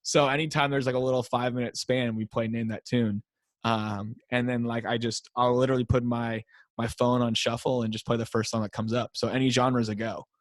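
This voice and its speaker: An American man, a high school teacher, telling classroom stories in a casual interview and acting out the kids' voices. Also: a little fast, no room sound. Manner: animated storyteller, acts out kids chanting. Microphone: wearing a mic.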